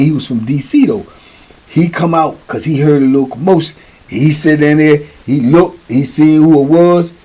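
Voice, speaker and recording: A middle-aged man spins prison stories in a loose, slangy style, circling back with repeated phrases. His voice sits a touch higher than most men's. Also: a little mellow. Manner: slangy, repetitive, conversational. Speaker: storyteller, show host. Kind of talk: casual prison storytelling.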